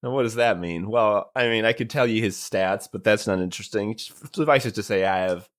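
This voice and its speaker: A man's voice: on the low side, a little fast. A man who is a guest player in a tabletop role-play podcast, talking in a playful, casual way and swearing now and then.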